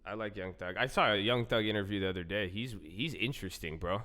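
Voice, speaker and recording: A man's voice: fairly low pitch, fast talker, pushed and bright, big-room sound. A man hosting a casual livestream, chatting loosely and repeating himself, saying "bro" and "man" a lot. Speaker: livestream host.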